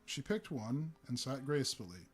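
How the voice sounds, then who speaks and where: A man giving a live reading of a humorous story, narrating deliberately with occasional fillers. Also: medium pitch, very animated, soft background music. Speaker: reader.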